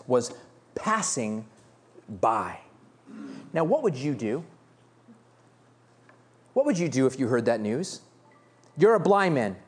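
A man preaching a sermon as pastor, reading scripture and acting out the beggar's cries with animated delivery. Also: a little high.

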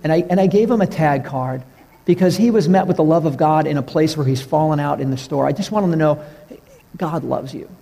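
Pastor guy preaching, kinda gravelly and husky, dark warm tone, echoey church hall. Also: a little high, fast. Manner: storytelling, earnest, drops to a hush for tender moments. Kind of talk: sermon. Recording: reverberant hall.

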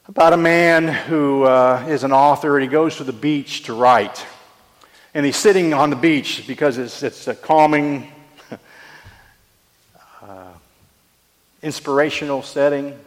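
Earnest preacher, reverb-heavy hall. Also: male voice, mid-range voice. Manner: earnest storytelling preacher, rhetorical questions. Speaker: pastor. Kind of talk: sermon.

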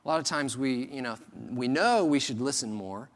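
A man's voice: mid-range voice, moderate pace. Conversational male pastor in a reverberant hall. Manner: conversational, animated, acts out quoted voices. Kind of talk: sermon.

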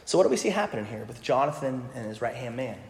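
A man's voice: mid-range voice, very animated, fast, darkish tone, a little hiss or hum. A male pastor preaching a sermon in a casual, joking way, with playful voiced asides. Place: church sanctuary. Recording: echoey hall with long reverb.

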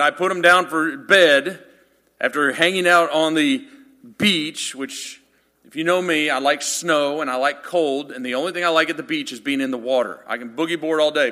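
A man in his thirties gives a sermon in a slightly high, bright and forceful voice. He tells stories that poke fun at himself, then builds to loud, emphatic passages. His words carry a long reverb, as in a large hall. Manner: animated storytelling with self-deprecating humor, building to loud emphatic passages. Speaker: pastor.

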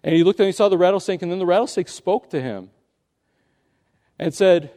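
A man's voice: high voice, brisk, warm tone. A man preaching an earnest sermon, telling a story and pressing his points with rising emphasis. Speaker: pastor.

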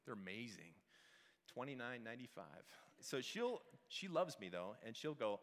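Middle-aged male pastor, chatty and joking sermon, bright tone, long hall reverb. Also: mid-range voice, sing-song, normal speed. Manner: conversational, joking, asks the congregation questions. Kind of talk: casual sermon. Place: church hall.

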